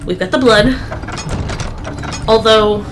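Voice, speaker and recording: A woman co-hosting a let's play, chatting casually and reading in-game notes aloud in a slow, solemn voice. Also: a little high, noisy background. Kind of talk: casual gameplay chat and read-aloud.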